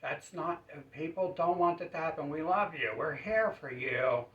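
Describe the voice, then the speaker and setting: A man's voice: fairly high pitch, normal speed, voice pushed up, close to an everyday voice. A man voicing a group of people who brush off a plea for help with falsely soothing words. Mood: placating. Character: group of dismissive, placating people playing soccer. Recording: roomy, distant, dull sound.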